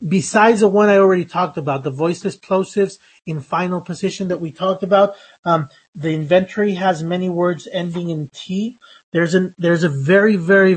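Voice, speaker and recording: A man's voice: fairly high pitch, slightly rough. A man teaching English phonetics in a lecture, speaking with many hesitations, fillers and restarts. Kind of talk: online lecture.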